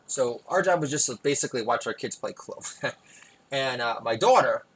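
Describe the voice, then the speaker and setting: A man rambles through a comic monologue as podcast host. He is self-deprecating and digressive and keeps breaking into loud, emphatic bursts. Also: mid-range voice, expressive, moderate pace, husky, poor audio.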